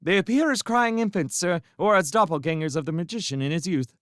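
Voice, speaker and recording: A man voicing a polite, indignant ten-year-old boy apprentice who answers quickly and eagerly. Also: high-pitched, lively intonation, a bit bright, no room sound, clean studio sound, pitched above the performer's own voice. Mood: reciting.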